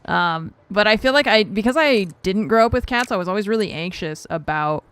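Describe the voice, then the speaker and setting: Speaking a little fast in a mid-range voice that's animated, slightly bright, clear, and resonant, this woman is heard with no echo. She's gaming live, laughing frequently and joking about herself as she chats with her audience and her cat.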